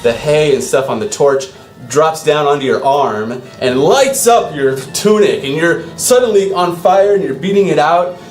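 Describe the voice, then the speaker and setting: A man's voice: fairly high pitch, normal speed. A man runs a tabletop game as dungeon master, telling the scene in a loose, rambling way that doubles back on itself. He sits in a roomy, echoey space. Faint music plays underneath him. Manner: loose, rambling narration with restarts.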